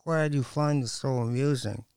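Man reading a weary, wry young woman; smooth, dry-sounding. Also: mid-range voice, moderate pace, a little mellow, dry recording, voice pushed up, lightly acted. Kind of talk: audiobook dialogue.

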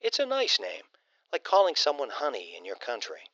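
A man's voice: mid-range voice, huge pitch swings, moderate pace, a bit bright, no room sound, muffled recording, pitched above the performer's own voice. A man doing a wary, teasing young man.

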